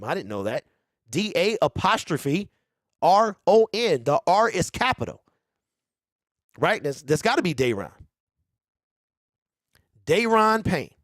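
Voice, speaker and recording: This is a man from Detroit with a high voice, hosting a casual fan commentary stream. He is animated and keeps hyping his viewers, checking in with them constantly. His voice is recorded close and dry. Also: no echo. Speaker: sports show host.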